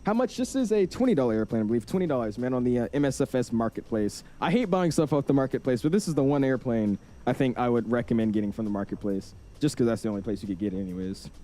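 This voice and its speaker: A man's voice: mid-range voice, lively intonation, fast, hardly any pauses, warm tone. A man hosting a casual live stream, chatting while setting up a flight and greeting viewers one by one, with many fillers.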